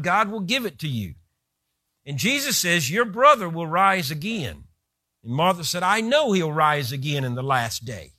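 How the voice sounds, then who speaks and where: A man's voice: fairly high pitch, big pitch swings, unhurried, pushed and bright, dry recording, clean studio sound. A man preaching a sermon who retells scripture with vivid, rising emphasis.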